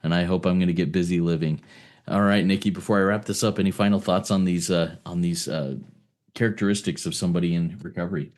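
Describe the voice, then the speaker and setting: A man co-hosting a recovery podcast, speaking thoughtfully and haltingly and asking himself questions as he goes. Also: low-pitched, fairly even intonation, a little mellow. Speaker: podcast co-host. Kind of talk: reflective recovery podcast talk.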